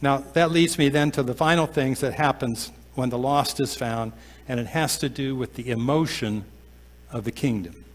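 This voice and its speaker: Man preaching in a reverberant church. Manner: slows down and drops to a soft, low voice for emphasis. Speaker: pastor. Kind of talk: sermon. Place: church sanctuary.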